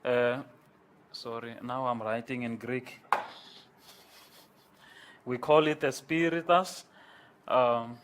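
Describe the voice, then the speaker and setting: A man lecturing a class on Greek, slow and halting, with many pauses and repeated words. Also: mid-range voice, steady tone, slight background noise.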